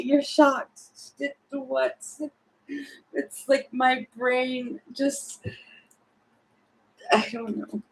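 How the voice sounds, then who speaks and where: A woman with a voice that sits high does a casual, spontaneous tarot reading, thinking aloud, rambling and giggling along the way. The recording is low quality.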